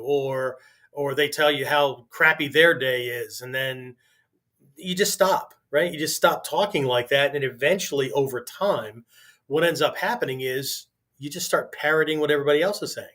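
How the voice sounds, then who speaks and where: A man talks off the cuff as a podcast host, his voice sitting a little higher than most men's. He restarts sentences as he thinks aloud and keeps checking in with the listener with a "right?" after almost every point. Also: moderate pace, sharp tone. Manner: conversational, constantly asks "right?", restarts sentences. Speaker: podcast host and martial arts teacher. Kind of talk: casual podcast monologue.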